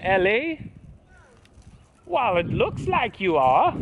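Male vlog host, high and animated, hammy fake British accent, noisy backyard recording. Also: takes it slowly, long pauses. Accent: exaggerated mock British put on by an American. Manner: playful, theatrical, mock-posh. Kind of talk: casual family vlog chat. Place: outdoors in a backyard.

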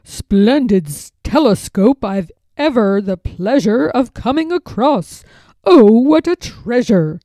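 A woman voicing a greedy, pompous grown man, a lord, with booming, drawn-out exclamations. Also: lively intonation, dark tone, dry recording. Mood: gloating.

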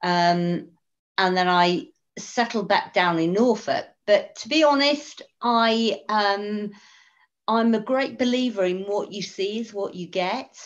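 A woman battlefield guide speaks very slowly and frankly on a panel, pausing and hesitating as she goes. She is heard over a video call, and the sound is somewhat dull. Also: medium pitch. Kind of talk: panel discussion.

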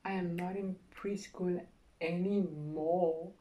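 A woman's voice: fairly low pitch, steady tone, slow pace, warm tone, a little hiss or hum. A girl hosting her own comedy skit show, talking sassily with lots of swearing and giggles. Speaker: skit host.

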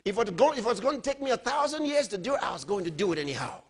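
A middle-aged man preaching a sermon as a pastor, emphatic, moving between loud outbursts and low, quiet storytelling. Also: big pitch swings, rapid-fire, husky.

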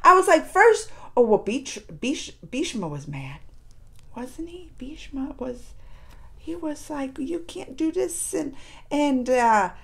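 A woman with a high voice recaps episodes in a casual reaction vlog. She talks in an animated, expressive way, breaking into laughter and exclamations. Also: slow pace. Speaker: reaction video host.

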